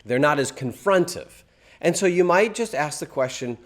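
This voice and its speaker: Male teacher for a course video: somewhat high, highly animated, emphatic storyteller. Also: normal speed. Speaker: Christian apologetics teacher.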